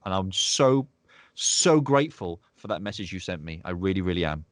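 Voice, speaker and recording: A man's voice: deep voice, animated, brisk, dry recording, clean studio sound. A man, a podcast guest, chatting casually and emotionally, often repeating his words. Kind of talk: casual interview chat.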